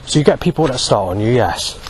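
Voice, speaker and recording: A man talking alone to camera in a rambling monologue, halting often to search for words. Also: medium pitch, lively intonation, slight background noise. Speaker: vlogger.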